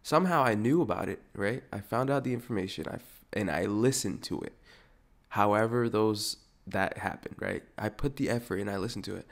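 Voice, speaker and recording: A man's voice: on the low side, a little fast, vocal fry. A young man in his twenties hosting a podcast, ranting casually with lots of swearing and sudden mocking voices. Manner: animated, profane, jumps into mocking voices. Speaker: podcast host.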